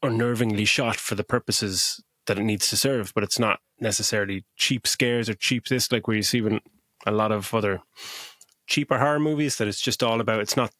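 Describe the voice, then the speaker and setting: Low-voiced man, dry sound. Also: brisk, fairly bright tone, dry recording. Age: middle-aged. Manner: rambling, swears for emphasis. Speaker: podcast co-host. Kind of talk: casual film review chat.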